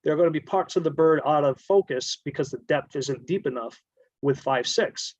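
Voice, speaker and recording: A man presents a casual slideshow on photography, his voice sitting a little high. He explains things loosely and often backs up to rephrase. The sound is dull and lo-fi, with no room echo at all. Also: normal speed, darkish tone. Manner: explanatory, rambling, self-correcting.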